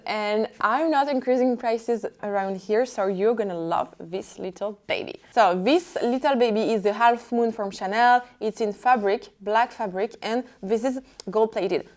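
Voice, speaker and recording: A woman's voice: on the high side, darkish tone. A woman in her twenties with a French accent, speaking English as a second language and presenting items in an enthusiastic casual vlog. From France. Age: 20s. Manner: enthusiastic, fond of repeating words, non-native phrasing. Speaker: vlogger selling secondhand luxury goods. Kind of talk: casual product showcase vlog.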